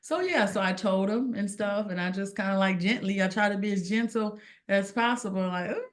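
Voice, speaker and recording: A woman's voice: medium pitch, brisk. Earnest woman telling a personal story. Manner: earnest, animated storytelling with acted-out quotes. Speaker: podcast guest. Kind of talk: casual personal testimony.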